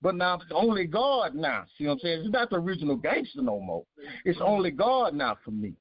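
A man's voice: sits high, sing-song, a little fast, slightly rough. A man, giving earnest testimony with a preaching cadence, repeating his key phrases. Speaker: guest. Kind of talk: emotional testimony. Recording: dull lo-fi sound.

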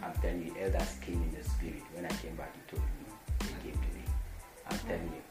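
A man preaching a sermon. He talks emphatically, repeats his points and swings between loud declarations and quiet lines. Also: low voice, little pitch movement, fairly quick. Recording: echoey room with music behind.

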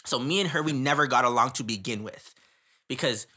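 A man's voice: medium pitch, a little fast, bright, forceful tone, husky. A young man from Canada, telling a story in casual chat, rambling with slang and frequent laughter.

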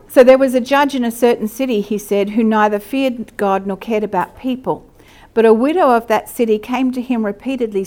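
A middle-aged Australian woman giving a lively, conversational church teaching and asking her listeners questions. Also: fairly high pitch, normal speed, slight background noise. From Queensland, Australia. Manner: lively, asks the audience questions.

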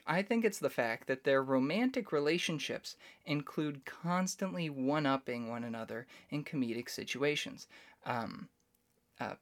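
A man's voice: medium pitch, fairly bright tone. Male solo podcast host, casual and opinionated, talks things through at length. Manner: chatty, opinionated, explains at length.

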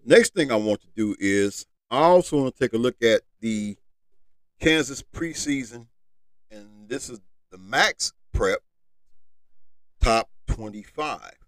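A man's voice: mid-range voice, expressive, slow pace, no echo, low-quality recording. A man hosting a solo sports podcast, reading a rankings list with lifting emphasis and loose colloquial asides to listeners. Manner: reads list with rising emphasis, casual asides. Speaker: podcast host.

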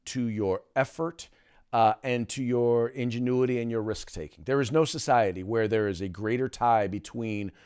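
Emphatic man with a smooth voice. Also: medium pitch, moderate pace, darkish tone. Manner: emphatic, many "uh" fillers, restarts. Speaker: podcast host. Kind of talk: casual political commentary.

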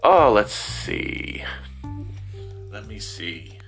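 A man's voice: fairly low pitch, very animated, very slow, a bit bright, faint music behind. A middle-aged man from Ohio rambling in a casual, self-deprecating monologue, slipping into silly voices as he talks. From Ohio, USA. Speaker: vlogger.

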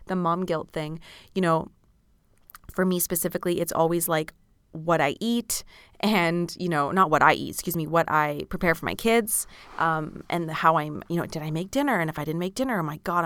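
A woman's voice: on the low side, a bit bright, smooth, no echo. A tired woman in her thirties hosting a podcast and answering listener questions in a padded studio, chatty and frank, swearing freely and laughing often. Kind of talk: candid casual chat. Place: small padded studio room.

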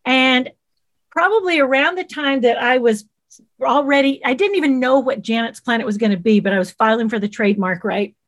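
A middle-aged woman with a warm Southern US accent tells her story in a casual interview. Her voice sits a bit high, and she talks in a lively, animated way. She slips into quick impressions of the people she quotes. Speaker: guest, children's TV creator.

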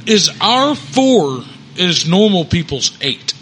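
A man's voice: sits high, sing-song, slow pace, a bit bright, slight background noise. A man, laid-back, chatting casually as the podcast host. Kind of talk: casual chat.

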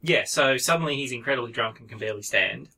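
A man co-hosting a casual film review podcast, animated, laughing often and swearing. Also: medium pitch, fast talker, creaky. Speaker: podcast co-host.

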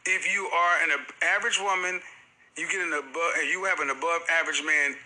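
A man's voice: on the high side, fairly even intonation, brisk, bright, forceful tone, rough recording. A middle-aged man hosting a casual panel talk show, speaking emphatically and tossing out joking one-liners. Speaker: podcast host.

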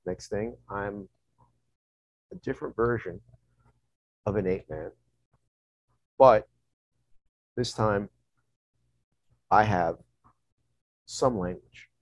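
A man telling a story in conversation, profane and animated, acting out scenes as he goes. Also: lowish voice, slow pace, pauses often, no echo, rough recording.

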